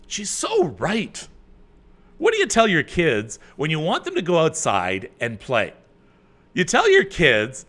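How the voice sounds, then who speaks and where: A middle-aged man from Canada hosting a live chat, reading viewer comments with loud bursts and quiet asides. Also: on the high side, huge pitch swings, a little slow. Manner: chatty, with many fillers and restarts. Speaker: host.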